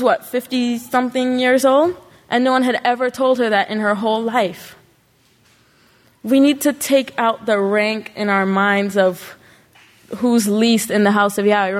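A woman with a slightly high voice delivers an earnest sermon, exhorting her listeners with a run of rhetorical questions. Her words ring out with a long reverb, as in a large hall. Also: fairly even intonation, moderate pace. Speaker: congregation speaker.

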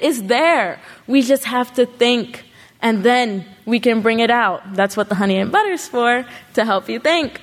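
A woman's voice: fairly high pitch, unhurried. Earnest woman preaching in a reverberant hall. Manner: earnest, exhorting with rhetorical questions. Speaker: congregation speaker. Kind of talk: sermon.

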